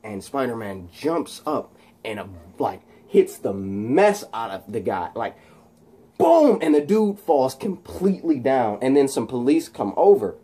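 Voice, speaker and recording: A man casually retelling his own fan story in an excited, rambling way, with sound effects thrown in. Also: medium pitch, a little slow, husky.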